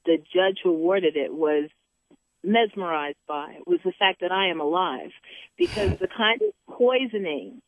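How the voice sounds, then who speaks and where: A woman's voice: lowish voice, sing-song, a little slow, no echo. A middle-aged woman hosting a talk show, talking in an emphatic preaching way and repeating words for emphasis. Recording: tinny phone line.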